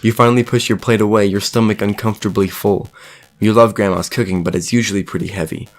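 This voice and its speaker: A young man reading a text game aloud with a friend, playful and steady. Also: fairly low pitch, quick pace. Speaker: game reader.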